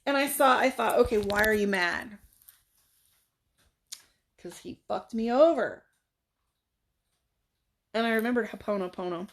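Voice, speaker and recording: A woman tells a story from her own life in a loose, candid way. She swears freely and talks it through out loud. She sounds like she is speaking from a couch at home. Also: medium pitch, a little slow, pauses often. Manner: blunt, profane, animated retelling. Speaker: life coach. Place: her living room, seated on a couch.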